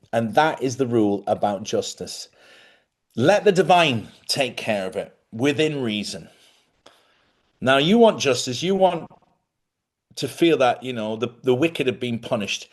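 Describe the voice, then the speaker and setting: A man hosting a spiritual live stream, chatty and animated, often laughing as he talks. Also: medium pitch. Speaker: spiritual host.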